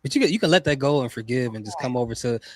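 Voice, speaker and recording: A man hosting a casual wrestling podcast, relaxed and teasing, often repeating himself. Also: mid-range voice, very fast, a little hiss or hum. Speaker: podcast host.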